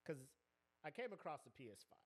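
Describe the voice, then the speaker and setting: Animated laughing man on a podcast. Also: fairly high pitch, fairly quick. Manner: animated, laughing often, acting out quotes. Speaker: podcast co-host. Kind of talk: casual comedic chat.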